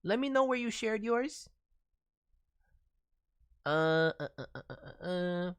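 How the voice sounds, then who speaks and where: A man chats slowly on a live stream, playful and rambling, his voice rising and falling a lot as he goes. He slips into quirky, broken grammar on purpose. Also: high voice, expressive, a bit bright, clean tone. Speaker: voice director streamer. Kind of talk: live stream chat, voicing viewers' characters.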